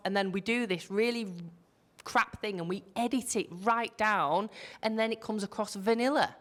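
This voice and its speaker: A woman's voice: mid-range voice, a bit bright. A woman with a Yorkshire accent, talking on a business panel in a blunt, salty storytelling way, swearing freely. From Yorkshire, England. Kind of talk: casual panel discussion.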